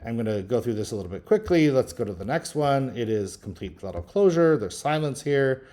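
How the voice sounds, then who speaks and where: Relaxed low-voiced man teaching software. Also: fairly quick. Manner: relaxed, thinking aloud with frequent ums. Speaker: linguistics instructor. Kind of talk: screen-recorded software tutorial.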